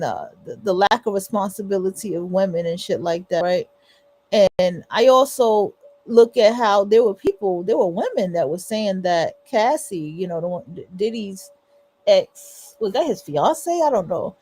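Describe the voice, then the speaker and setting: A woman hosting a livestream, giving emphatic, repetitive reaction commentary with a husky voice. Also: mid-range voice, darkish tone. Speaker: livestream host.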